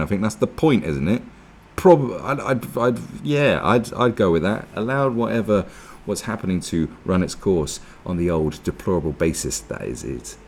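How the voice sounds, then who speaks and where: A man's voice: deep voice, a little mellow, slight background noise. A man giving a casual, sweary, sarcastic commentary, reacting to an article with mocking asides. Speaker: political commentary vlogger.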